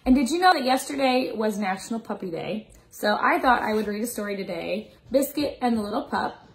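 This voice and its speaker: A woman in her thirties, a preschool teacher reading a picture book aloud to young children in a warm storytime voice. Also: on the high side, expressive, a little fast, low-quality recording. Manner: warm sing-song storytime voice, barking the dog parts.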